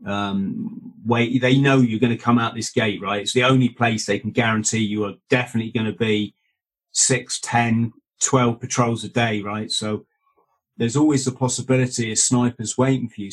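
A man in an interview recounts his time as a Royal Marine with earnest conviction. His voice is husky and sits at an ordinary pitch for a man. He keeps pulling the listener in with little asides. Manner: earnest, checks in with "right?" and "mate". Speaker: guest, former Royal Marine. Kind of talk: conversational storytelling.

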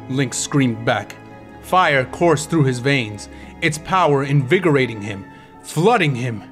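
A man's voice: medium pitch, lively intonation, slow, fairly bright tone, soft background music. A man narrating an audiobook chapter with dramatic, intense storytelling.

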